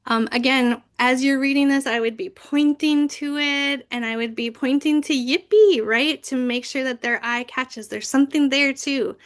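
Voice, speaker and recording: Woman, children's library presenter, higher voice, animated and playful. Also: moderate pace, few pauses. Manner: animated, bursts into big character voices when reading. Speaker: library youth services manager. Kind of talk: presenting a training session, reading picture books aloud.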